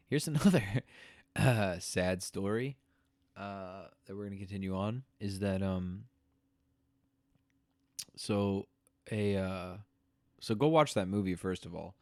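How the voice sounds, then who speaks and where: Low-voiced man reacting, choked up. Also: lively intonation, no room sound, studio quality. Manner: rambling, halting, with many fillers and restarts; emotional, choking up. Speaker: podcast host. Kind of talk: casual commentary reacting to video.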